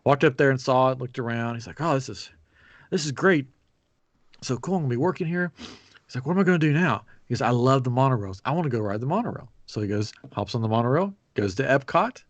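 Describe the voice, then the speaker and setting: A man hosting a podcast, telling a story in a casual chat with lively acted-out quotes. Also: medium pitch, fast talker, dry recording. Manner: animated retelling with acted quotes. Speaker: podcast host.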